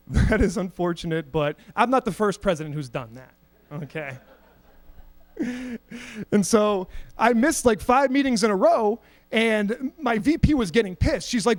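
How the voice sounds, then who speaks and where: High-voiced young man doing stand-up. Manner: storytelling, self-mocking, acts out quoted voices. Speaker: stand-up comedian. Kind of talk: stand-up comedy set. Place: comedy stage at an arts center.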